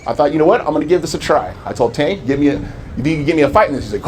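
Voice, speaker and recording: A man's voice: on the high side, lively intonation, very fast, darkish tone, slight background noise. Earnest man in his forties telling his story. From Southern California. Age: 40s. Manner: earnest storytelling, acting out remembered dialogue. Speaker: public speaker. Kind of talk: personal life story told to a live audience. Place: event with a live audience.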